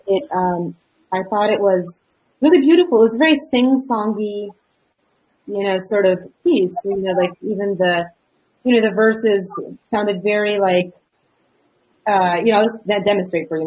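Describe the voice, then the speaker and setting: A woman's voice: on the low side, slight background noise. A woman, a singer and teacher, chatting in an interview with a thoughtful, hesitant manner full of fillers. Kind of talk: casual interview chat. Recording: dull lo-fi audio.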